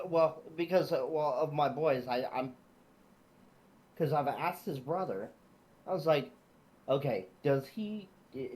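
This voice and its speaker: A man's voice: medium pitch, a little mellow, rough recording. A man chatting casually, telling jokey stories and chuckling as he goes. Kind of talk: casual chat.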